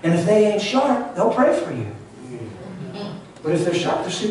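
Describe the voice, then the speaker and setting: A man preaching a sermon, telling a story with lively shifts between shouting and hushed asides. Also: sits high, moderate pace, pauses often, a little hiss or hum. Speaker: pastor. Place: large church sanctuary. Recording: echoey church hall from far off.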